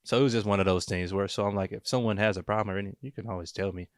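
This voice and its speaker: Blunt low-voiced man in casual chat. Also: fairly even intonation, racing, no echo, studio quality. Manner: blunt, direct, plainspoken. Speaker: podcast co-host.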